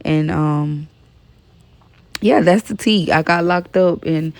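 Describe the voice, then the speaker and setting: A woman's voice: low voice, takes it slowly, creaky, no echo. A woman in her thirties chatting frankly in a casual storytime vlog, full of "like" and "you know". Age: 30s. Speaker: vlogger.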